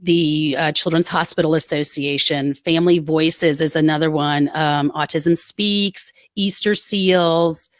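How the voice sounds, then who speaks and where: A woman, a military spouse telling her story in a podcast interview, earnest and quick with asides. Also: sits low, steady tone, no room sound. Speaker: guest, military spouse advocate.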